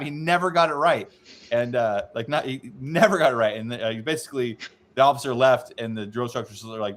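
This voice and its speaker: A man's voice: mid-range voice, quick pace, fairly bright tone. A man, a navy veteran co-host, telling a loose, rambling story in casual chat and swearing freely.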